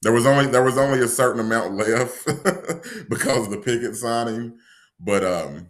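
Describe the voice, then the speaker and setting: A man's voice: medium pitch, expressive, moderate pace. A man co-hosting a casual sports podcast, telling stories in a dry, wry and exasperated way. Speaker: podcast co-host.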